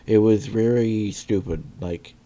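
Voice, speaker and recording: Low dark-voiced guy rambling thru a movie review, lots of uhs and coughs. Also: steady tone, slow pace. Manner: rambling, many fillers and restarts; clears throat and coughs often. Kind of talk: casual spoken review.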